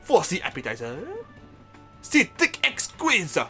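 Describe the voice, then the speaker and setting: A man's voice: high-pitched, wildly swooping pitch, measured pace, music in the background, voice pushed up, full character voice. A man voicing a fussy male island guide with a put-on French accent and theatrical broken English.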